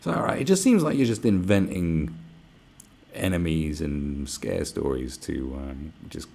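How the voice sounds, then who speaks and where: This young male vlogger rants casually to camera in an extremely low, creaky, slightly mellow voice with lively intonation and a measured pace. He's sarcastic and rambling, swears often, and slips into mock voices.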